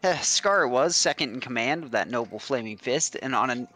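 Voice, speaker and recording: A man's voice: medium pitch, lively intonation, moderate pace, sharp tone, faint music behind. A man voicing a male dwarf storyteller, reading an old-fashioned tale aloud and now and then stumbling over the words. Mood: storytelling.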